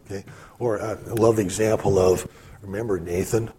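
A man's voice: fairly low pitch, steady tone, brisk, warm tone, slight background noise. A man giving casual Bible teaching in a conversational way, full of asides and fillers. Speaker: preacher.

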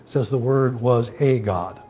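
A man's voice: medium pitch, unhurried, warm tone, a little hiss or hum. A man teaching a Bible study, explaining the scripture in an emphatic way, with many fillers and restarts.

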